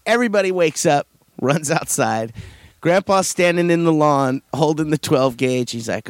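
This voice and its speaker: A man's voice: fairly high pitch, lively intonation, moderate pace, no room sound. A man co-hosting a podcast, telling family stories in casual comedic chat, laughing often and acting out quotes in raised voices. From Southern Maryland. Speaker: podcast co-host.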